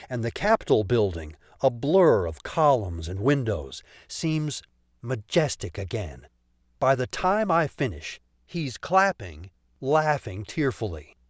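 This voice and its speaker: A man's voice: medium pitch, big pitch swings, slow, no room sound, studio quality. A man narrating a comic story in the first person for an audiobook, telling it expressively.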